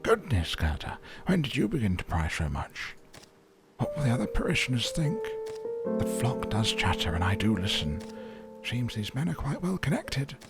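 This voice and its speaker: A preachy old village pastor. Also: male voice, mid-range voice, huge pitch swings, moderate pace. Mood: chiding. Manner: gentle, preachy and scolding. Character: pious older male village pastor. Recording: game audio with loud music.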